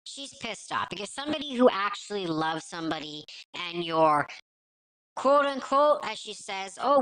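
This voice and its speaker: A woman's voice: mid-range voice, bright, forceful tone, rough recording. A woman giving blunt, scornful commentary while reacting to clips.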